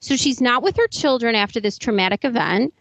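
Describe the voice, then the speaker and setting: A woman's voice: a little high, expressive, fairly quick, a bit bright, no room sound. A woman co-hosting a podcast, ranting in an indignant, profane and emphatic way in casual commentary. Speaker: podcast co-host. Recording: dull, lo-fi, dry sound.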